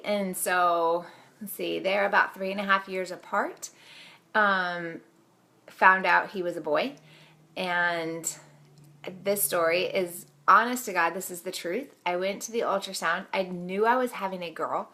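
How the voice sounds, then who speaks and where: A woman's voice: medium pitch, gravelly, bright, forceful tone. A woman in her thirties, a mom vlogger, chatting candidly and telling family stories with a self-deprecating streak. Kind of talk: casual storytelling to camera.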